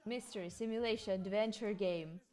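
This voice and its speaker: A woman's voice: medium pitch, moderate pace, a little mellow, soft background music. A young woman with a Ukrainian accent chatting casually on a live stream, rambling, giggling and searching for her English words.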